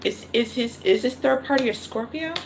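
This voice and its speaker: A woman runs a live tarot reading, her voice sitting a little high as she talks the cards through. She thinks out loud and keeps repeating her questions to spirit. A clear clicking sound runs underneath her voice. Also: normal speed, background noise. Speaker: tarot reader.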